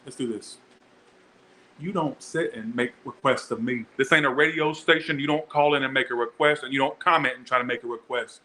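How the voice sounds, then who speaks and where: A young man gives a casual tarot reading in a bright, forceful voice, talking straight to his viewers. He is chatty, blunt and swears a lot. The sound is echoey, with a faint hiss of room noise. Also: medium pitch, fairly quick. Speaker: tarot reader.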